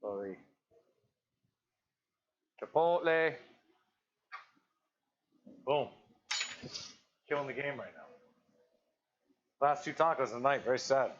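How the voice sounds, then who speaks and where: A man's voice: slow, pauses often. A man hosting a live cooking stream from his home kitchen, talking casually to viewers while he cooks. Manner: relaxed, chatty, coaxing his dog in a higher sing-song voice. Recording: slightly dull lo-fi stream audio with faint noise.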